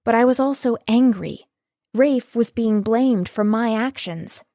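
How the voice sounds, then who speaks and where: A woman's voice: on the high side, measured pace, dark tone, no room sound, clean studio sound. A woman reading a first-person novel as an audiobook narrator, with an emotive reading style.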